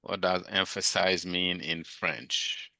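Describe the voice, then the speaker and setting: A man's voice: sits low, fairly even intonation, takes it slowly, creaky, pushed and bright, no room sound. A male teacher giving a classroom lecture, drilling students on vocabulary with repeated questions.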